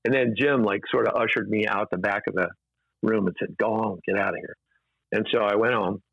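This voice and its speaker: A man's voice: lowish voice, steady tone, brisk, vocal fry, no echo. A man, an interview guest, telling rambling anecdotes casually with many fillers and restarts, in a dull, dry lo-fi recording.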